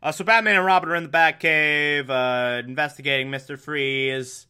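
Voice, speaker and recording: Sarcastic bright-voiced man recapping. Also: on the high side, steady tone, normal speed, clean tone. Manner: incredulous, mocking, swears. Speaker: comedic recapper.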